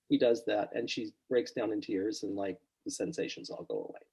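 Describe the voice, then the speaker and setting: A middle-aged man, a psychotherapist, relaxed and storytelling in a podcast interview, quietly acting out his clients' words. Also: medium pitch, moderate pace, breathy edge, low-quality recording. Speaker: psychotherapist guest.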